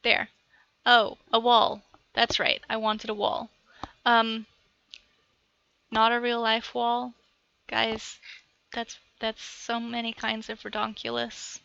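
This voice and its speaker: A woman's voice: on the high side, monotone, slow pace, vocal fry, pauses often, pushed and bright, clear, resonant tone, lo-fi sound. A woman chattily narrating a video game tutorial from her computer at home, talking aside to her cat as she plays. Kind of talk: rambling gameplay tutorial.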